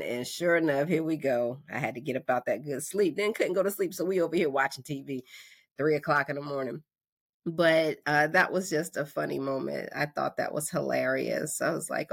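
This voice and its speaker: A woman in her forties from North Carolina, hosting a podcast and telling a story in a lively, conversational way, acting out the voices in her quotes. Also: deep voice, moderate pace, vocal fry, slightly rough. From North Carolina, USA. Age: 40s. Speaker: podcast host. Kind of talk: casual storytelling monologue.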